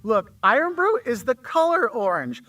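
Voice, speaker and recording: A man's voice: very high voice, sing-song, a little slow, pushed and bright, highs cut off. A man giving casual travel advice straight to the camera, chatty and checking in with the viewer. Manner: chatty, repeats 'okay?' to the viewer. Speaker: travel video creator.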